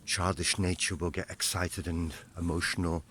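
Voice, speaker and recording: A man giving a musing, reflective monologue outdoors on a morning walk, pausing often with ums. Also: low-pitched, little pitch movement, bright, forceful tone. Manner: musing, unhurried, with pauses and ums. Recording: noisy outdoor recording.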